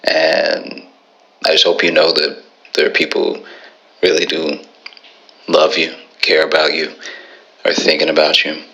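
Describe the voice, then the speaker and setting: A gravelly, bottom-of-the-chest voice that barely moves in pitch, as a male comic puts on an earnest friend calling to say goodnight. It sits cutting and bright despite the depth, with a slow, soft and sincere delivery. Heard in an echoey hall. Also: monotone, exaggerated voice. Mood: tender. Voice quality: gravelly, very deep. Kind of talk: stand-up bit voice.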